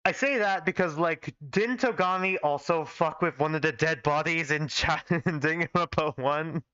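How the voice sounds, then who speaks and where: A man's voice: fairly high pitch, moderate pace, sharp tone, clean tone, no room sound, highs cut off. A young man casually reading his old fanfiction on a livestream, rambling and critiquing his own writing. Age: young adult. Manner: self-critical, rambling with fillers.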